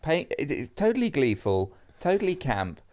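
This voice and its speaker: A man, chatting casually while solving a crossword, reading the clues out slowly and chuckling along. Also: on the high side, sing-song, a little mellow. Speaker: podcast co-host.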